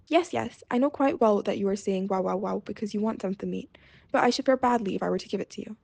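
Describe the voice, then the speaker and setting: A woman voicing a stubborn, grumbling peasant man in a read-aloud fairy tale, blustering and exasperated, with a creaky edge. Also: medium pitch, quick pace, darkish tone, dry recording.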